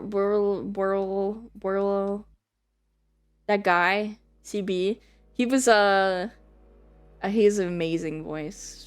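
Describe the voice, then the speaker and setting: A woman streamer chatting casually on a live stream, rambling, laughing often and swearing casually. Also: mid-range voice.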